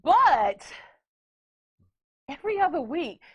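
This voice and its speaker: A woman's voice: high voice, sing-song, slow pace, fairly bright tone, lo-fi sound. A woman hosting a podcast in casual chat, brash, joking and profane. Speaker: podcast host.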